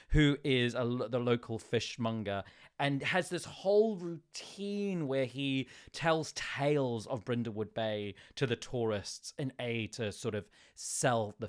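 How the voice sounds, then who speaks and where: Slow-talking man running a tabletop game. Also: mid-range voice, fairly bright tone, clear, resonant tone. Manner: slow, descriptive, with many fillers. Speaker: game master.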